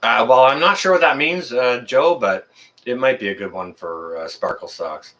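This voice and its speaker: Male live-stream host, chatty, lively pitch. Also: moderate pace. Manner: chatty, talks to viewers and reads chat aloud. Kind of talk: casual live-stream chat. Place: apartment.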